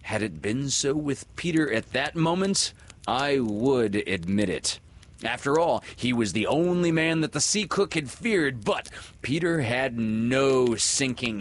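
A man reading a children's story aloud in an expressive, lilting storyteller manner. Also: medium pitch, slight background noise. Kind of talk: storybook read-aloud narration.

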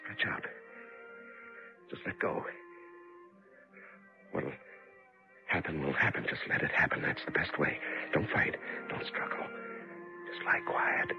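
An actor playing a frightened male prisoner alone in a dark cell, muttering to himself in halting bursts between panic and hush, in an old radio drama. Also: on the low side, sing-song, creaky, full character voice. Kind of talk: 1950s radio drama acting. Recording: lo-fi old radio recording with music.

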